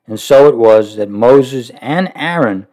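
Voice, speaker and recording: A man reading a devotional book aloud and stopping to add his own earnest, reflective comments, with frequent pauses. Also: medium pitch, expressive, mellow. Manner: earnest and reflective, pausing often.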